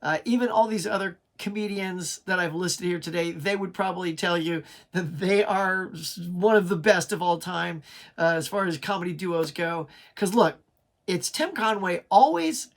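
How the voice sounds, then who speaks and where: A man's voice: high-pitched, moderate pace, vocal fry. A middle-aged man hosting his pop culture channel, talking in a chatty, enthusiastic way with frequent restarts. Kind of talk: casual video review.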